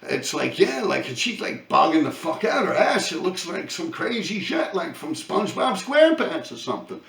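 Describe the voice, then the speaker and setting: A man's voice: sits high, moderate pace, gravelly, roomy sound, distant mic. Rambling, cursing New York man in his fifties. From New York City. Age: 50s. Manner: profane, rambling, animated, laughs a lot. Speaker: vlogger. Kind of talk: casual storytelling rant.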